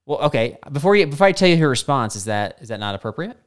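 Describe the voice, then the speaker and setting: A man co-hosting a casual podcast chat, telling his story in a smooth, resonant voice. He is animated and his voice leaps up when he acts out quotes. His pitch sits in the middle. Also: fast. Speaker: podcast co-host.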